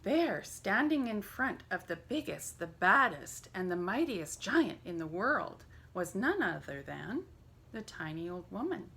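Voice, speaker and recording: Woman storyteller for a church family hour; bright, lively, unhurried. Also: medium pitch, vocal fry. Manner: expressive storyteller. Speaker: church family program leader. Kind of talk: reading a children's story aloud.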